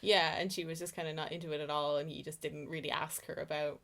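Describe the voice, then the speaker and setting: A woman with a fairly low voice co-hosting a casual film podcast. She sounds relaxed, fills her talk with "like" and "you know", and laughs easily. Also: quick pace, vocal fry. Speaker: podcast co-host.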